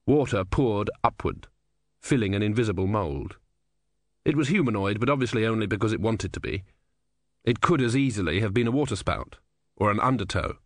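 A man narrating an audiobook in a steady, even storytelling manner. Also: fairly low pitch, fairly quick, no room sound, studio quality. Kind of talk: scripted narration.

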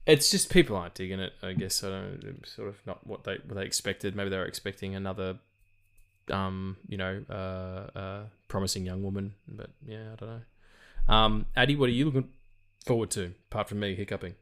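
Male podcast host, lowish pitch, loose and jokey, many fillers. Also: steady tone, fairly quick, fairly bright tone, clean tone. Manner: rambling, jokey, lots of ums. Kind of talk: casual film podcast chat.

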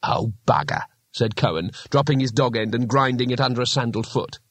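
A man reading a fantasy novel aloud as an audiobook narrator, in a measured storytelling manner. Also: medium pitch, steady tone, no echo. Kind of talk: scripted narration.

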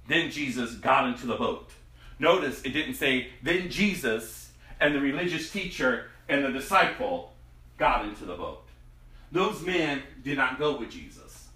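A man's voice: medium pitch, lively intonation, measured pace, pushed and bright, slight background noise. A man preaching a sermon in a dramatic, emphatic way, his voice rising and falling sharply. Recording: echoey room, distant mic.

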